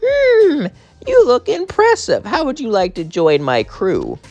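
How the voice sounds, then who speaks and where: A man voicing a small, scheming male alien wizard in a shrill, wheedling voice. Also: wildly swooping pitch, unhurried, darkish tone, no room sound, muffled recording, soft background music, heavily acted.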